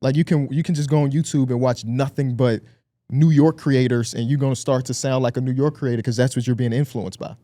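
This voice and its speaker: A man's voice: mid-range voice, fairly even intonation, warm tone, no echo. Chicago man, podcast host, dry close sound, casual upbeat talk. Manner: upbeat, promotional, quick asides.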